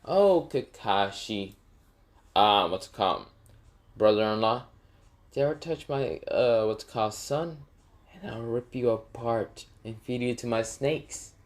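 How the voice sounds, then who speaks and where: A man's voice: mid-range voice, animated, slow. A man voicing a threatening male ninja uncle who mocks and menaces, in a spoken fan story. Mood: menacing. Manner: menacing, mocking.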